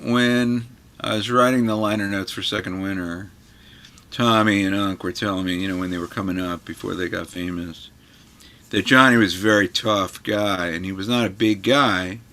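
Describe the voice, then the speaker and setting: A man's voice: on the low side, moderate pace. A man, a guitar magazine editor, telling stories in a casual chat and acting out the people he quotes. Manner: animated storyteller who acts out the people he quotes.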